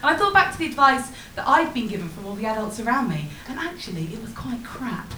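Bright, lively comedian. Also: female voice, fairly high pitch, a little fast. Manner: chatty, dry asides. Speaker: comedian and singer. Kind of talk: stand-up patter. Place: comedy stage with a live audience. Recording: echoey live room with faint noise.

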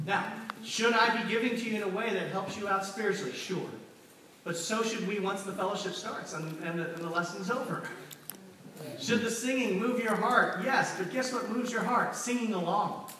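In a church hall, a middle-aged man preaches a conversational sermon and asks the congregation for responses. His high voice, at a moderate pace, sounds pushed and bright. The echoey recording is taken from far off and carries a little hiss or hum.

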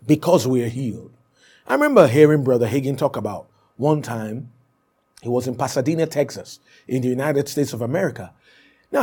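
Gravelly, lively male preacher. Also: fairly high pitch. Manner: emphatic, repeats points, punctuates with "Amen". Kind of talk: sermon.

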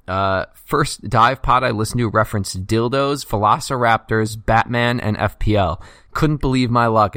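Male podcast co-host, lowish voice, casual and joking, dry close mic. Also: a bit bright, no echo. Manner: loose, joking, reads listener write-ins quickly.

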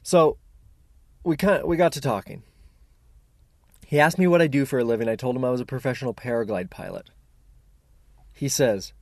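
A personable man speaks in a casual, storytelling way to his viewers, chatty and easygoing. His voice sits at an ordinary middle pitch. The sound is close and dry, with no room echo. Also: normal speed, pauses often. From Central Oregon, US. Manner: chatty, personable, lively retelling. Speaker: paraglide pilot vlogger.

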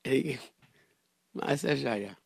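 A man hosting a radio chat, telling stories in a lively way with many restarts and Hebrew and Yiddish words. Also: mid-range voice, slow pace, gravelly, husky, no room sound. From Rochester, New York area. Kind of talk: casual storytelling chat.

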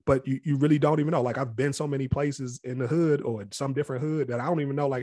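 A man's voice: medium pitch, steady tone, quick pace, few pauses, warm tone, dry recording, studio quality. A man who grew up near Washington, D.C., speaking as an interview guest and telling his story in a candid, reflective way. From Capitol Heights area near Washington, D.C. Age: adult past college age. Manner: reflective and candid, often acts out other people's voices.

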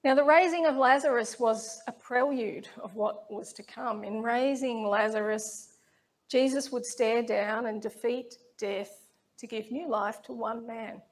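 A woman preaching a sermon, reading scripture in a slow, measured, reflective way. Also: a little high.

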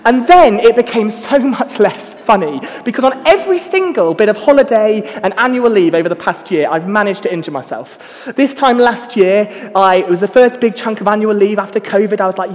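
High-voiced young man preaching. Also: lively intonation, normal speed, big-room sound. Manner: self-mocking, chatty storytelling. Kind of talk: casual sermon with personal stories.

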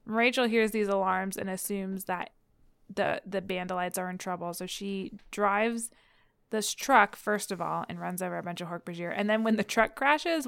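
Young female podcast co-host, dry close sound, giggly and animated recapper. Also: on the low side, vocal fry, smooth, no echo. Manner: giggly, animated storytelling with acted quotes. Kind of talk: casual chat.

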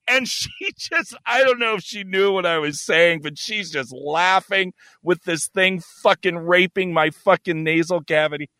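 Bright-toned man telling crude stories. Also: high voice, a little slow, few pauses, dry recording. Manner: crude, animated, acts out voices and yelps. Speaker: podcast host. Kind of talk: casual storytelling chat.

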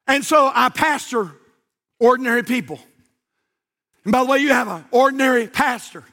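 A pastor preaching with fervor, his voice pitched unusually high and ringing bright. He builds each point through rhythmic, repeated phrases and breaks into shouts as he drives them home. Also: animated, moderate pace, gravelly, pauses often. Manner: impassioned, shouting with rhythmic repetition. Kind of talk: sermon.

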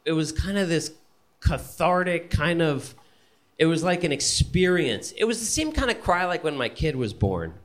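A man telling a personal story on stage at a live event, animated and profane, often laughing as he talks. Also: on the high side, moderate pace.

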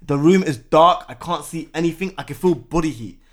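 Fast-talking young man telling a story. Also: fairly high pitch. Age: 20s. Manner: animated, acts out his own past reactions with slang fillers. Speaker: guest. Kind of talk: casual storytelling in conversation.

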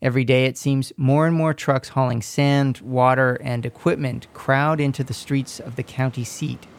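A man reporting a radio news feature in a measured, scripted narration, recorded at a studio mic. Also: medium pitch, steady tone, gravelly, dry recording.

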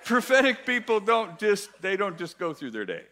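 A man preaching a sermon in a church, animated and playful, with emphatic, sudden loud bursts. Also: high voice, moderate pace, a little hiss or hum. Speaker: guest preacher.

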